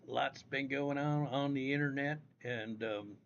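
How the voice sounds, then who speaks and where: Gravelly, profane rambling man streamer. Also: mid-range voice, a little slow, a little hiss or hum. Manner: profane, meandering, talks straight to viewers. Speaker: livestream host. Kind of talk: rambling casual livestream chat. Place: indoors at home. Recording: dull lo-fi audio.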